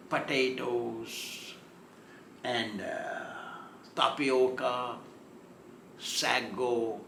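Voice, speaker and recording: A man's voice: mid-range voice, gravelly, a bit bright, slight background noise. A man giving a storytelling sermon as a spiritual teacher, chuckling as he goes and acting out the voices in the story. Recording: echoey room.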